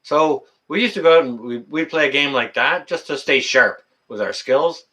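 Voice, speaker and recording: A man's voice: fairly high pitch, moderate pace, pushed and bright. A middle-aged man hosting a casual livestream, reading the chat in a folksy way, with lots of fillers and laughter.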